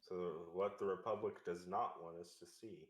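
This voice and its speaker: A man playing in a tabletop game, speaking in a thoughtful, deliberate way. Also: low voice, steady tone. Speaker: player. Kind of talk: casual game talk. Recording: roomy mic with faint hiss.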